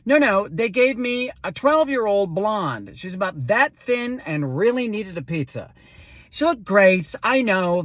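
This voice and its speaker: A woman's voice: mid-range voice, no echo. A woman telling a comic story in a wry, sassy, theatrical way. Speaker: performer.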